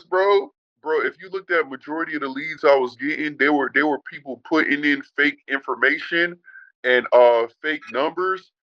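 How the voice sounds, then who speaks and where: A man's voice: fairly high pitch, no room sound, lo-fi sound. A man telling his story in an interview, blunt and heated, swearing and calling the host bro. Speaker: interview guest, former student. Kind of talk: emotional interview on a call.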